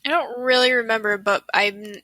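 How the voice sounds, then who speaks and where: A woman co-hosting a podcast, her voice bright and clear against a dry, close sound. She chats casually and giggles, often hesitant and restarting her thoughts. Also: on the high side, normal speed, no echo, poor audio. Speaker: podcast co-host. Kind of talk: casual chat about a film.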